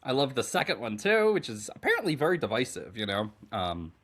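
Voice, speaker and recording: A man co-hosting a podcast in casual chat, animated and rambling, swearing freely. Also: mid-range voice, brisk. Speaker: podcast co-host.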